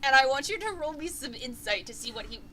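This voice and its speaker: A woman narrating as game master of a tabletop game, chatty and animated, with filler words. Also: high-pitched, fast, heavy background noise.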